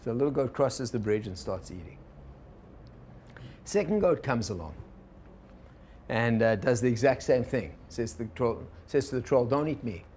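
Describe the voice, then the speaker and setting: A man's voice: mid-range voice, lively intonation, moderate pace, long pauses, a little mellow. A man teaches a workshop in a mid-range voice, retelling a fable and slipping into quoted inner voices as he goes. He keeps checking in with his listeners through questions. A faint hiss of background noise sits under the recording. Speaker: organizational consultant teaching a workshop. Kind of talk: workshop lecture.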